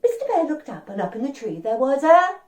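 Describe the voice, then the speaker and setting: A woman's voice: high-pitched, very animated, a little fast, a little mellow. A woman telling an interactive story to children, speaking directly to young listeners and inviting them to join in. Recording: roomy and distant.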